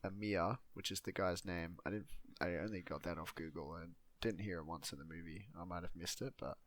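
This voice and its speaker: Deep-voiced man in casual chat. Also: fairly quick, a bit bright, slight background noise. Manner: rambling, loose retelling with fillers and swearing. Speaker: podcast co-host recapping a film.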